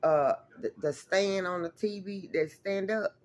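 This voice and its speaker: A woman's voice: mid-range voice, a little slow, darkish tone. A woman vlogger telling a rambling, emphatic story to her viewers in a casual way, swearing freely and calling out to them as y'all.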